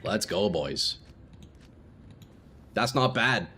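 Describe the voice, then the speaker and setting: A man's voice: fairly low pitch, very slow, sharp tone, slight background noise. A young man streaming a game live, chatting casually with viewers and swearing freely. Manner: laid-back, swears freely, chats with viewers.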